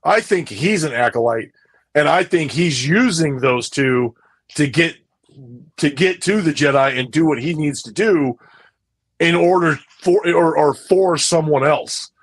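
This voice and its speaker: A man co-hosting a nerdy podcast, chatting casually with a slightly higher voice. He rambles, circling back over the same phrases as he works out his thoughts. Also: measured pace. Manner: rambling, repeats himself often. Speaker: podcast co-host. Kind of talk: casual chat.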